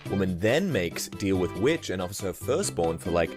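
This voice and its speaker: A man giving scripted comedic narration with a dry, deadpan delivery. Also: low-pitched, moderate pace. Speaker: narrator of short comedy videos. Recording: narration with background music.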